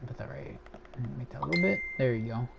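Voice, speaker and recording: A man's voice: medium pitch, lively intonation, quick pace, vocal fry, dull audio, heavy background noise. A young man hosting a livestream from home, ranting casually and profanely with many fillers and restarts. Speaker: livestream host ranking characters.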